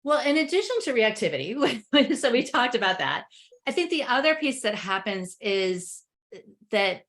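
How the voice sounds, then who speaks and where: Animated woman coach in a webinar. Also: a little high, moderate pace. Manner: lively, acts out family members' voices in quotes. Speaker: parenting coach and expert guest. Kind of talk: casual webinar discussion.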